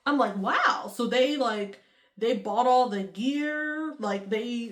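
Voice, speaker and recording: Chatty woman in an echoey room. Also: high voice. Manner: chatty, lots of "like" and acted-out quotes. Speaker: vlogger. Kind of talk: casual movie recap.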